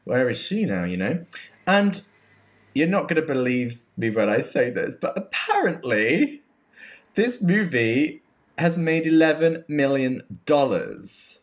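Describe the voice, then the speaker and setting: A man's voice: a little high, sing-song, slow pace. A man co-hosting a podcast, reviewing a film in casual, rambling chat with many restarts. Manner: chatty, rambling with restarts and laughs. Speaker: podcast co-host.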